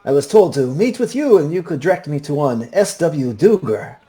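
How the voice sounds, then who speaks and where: A man's voice: fairly high pitch, very animated, normal speed, warm tone, pitched above the performer's own voice. A man voicing a polite male East Coast businessman with a put-on Spanish-style accent. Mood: courteous. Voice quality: smooth, formal phrasing.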